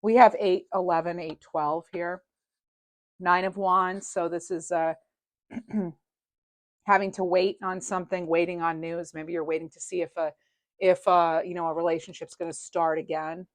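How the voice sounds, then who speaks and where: Woman, low-ish voice, tarot reader, casual chatty delivery, sympathetic, thinks aloud, dry close sound. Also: level tone, normal speed, no echo. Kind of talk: casual tarot reading to camera.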